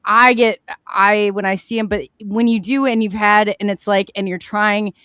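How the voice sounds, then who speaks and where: A woman's voice: medium pitch, fairly even intonation, normal speed, fairly bright tone, clean tone, dry recording. Chatty woman host with dry sound. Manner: chatty, lots of fillers and laughter. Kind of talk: casual conversation.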